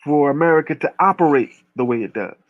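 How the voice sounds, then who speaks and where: High-voiced man ranting bluntly. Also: animated, fast, dry recording, narrow, tinny audio. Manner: blunt and profane, piling up lists. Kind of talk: casual rant.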